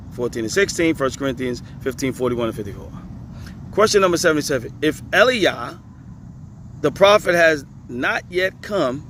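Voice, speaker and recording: A man's voice: a little high, fairly bright tone, slight background noise. A man teaching scripture in a casual video, repeating his points with emphasis and chuckling often. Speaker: religious teacher.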